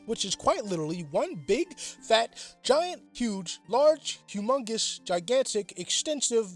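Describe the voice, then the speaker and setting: A man's voice: extremely high pitch, very animated, unhurried, few pauses, soft background music. A young man giving a comedic, sarcastic and profane recap of a story, often mocking himself. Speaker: youtuber recapping a manga.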